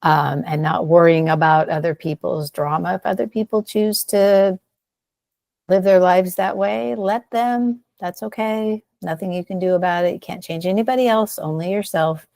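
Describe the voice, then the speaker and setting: A woman's voice: on the low side, moderate pace, vocal fry, a little mellow, dry recording. A woman respiratory therapist co-hosting a health podcast, talking in an upbeat, coaching way. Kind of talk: casual health podcast chat.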